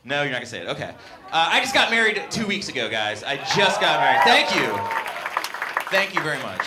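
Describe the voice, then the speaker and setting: A man in his late twenties doing a stand-up comedy set on a club stage, working the crowd in a loud, upbeat way. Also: a little high, big pitch swings, brisk, heavy background noise.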